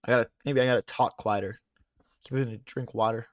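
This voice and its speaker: A man's voice: mid-range voice, fairly even intonation, brisk, no room sound. Young male chess streamer, casual thinking-aloud commentary, slightly strained voice, dry close sound. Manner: thinks aloud, chatty, addresses chat as guys. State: losing his voice.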